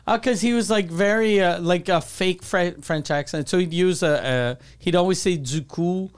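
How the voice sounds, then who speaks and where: A man's voice: sits high, moderate pace, clean tone. A man co-hosting a podcast, telling rambling, crude stories in casual chat. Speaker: podcast co-host.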